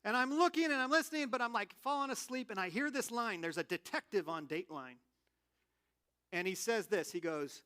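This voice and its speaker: A man preaching a sermon in a candid, animated, conversational way, telling personal stories. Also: sits high, a little fast. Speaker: pastor.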